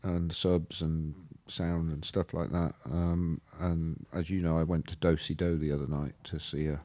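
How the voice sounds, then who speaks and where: A man's voice: extremely low pitch, little pitch movement, unhurried, warm tone, dry recording. A man co-hosting an audio podcast, chatting casually and telling a story about a night out, with dry interjections. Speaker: podcast co-host. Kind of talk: casual chat.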